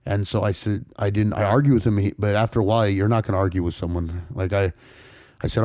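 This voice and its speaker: A man from California's San Fernando Valley, a podcast guest telling a personal story in rapid, profane street talk full of restarts. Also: on the low side, mellow, no room sound, studio quality. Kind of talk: casual storytelling interview.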